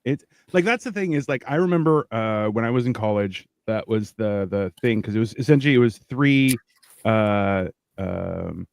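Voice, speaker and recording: A man's voice: on the low side, expressive, normal speed, creaky, dry recording. A man from Canada on a casual comedy podcast, telling brash stories and acting out quotes. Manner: brash storytelling, acts out quotes loudly. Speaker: podcast co-host.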